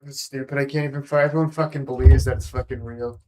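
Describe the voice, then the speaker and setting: A man's voice: medium pitch, fairly even intonation, fast, dark tone. Crude, mocking streamer guy. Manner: crude, mocking, heavy swearing. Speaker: livestreamer. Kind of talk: casual chat.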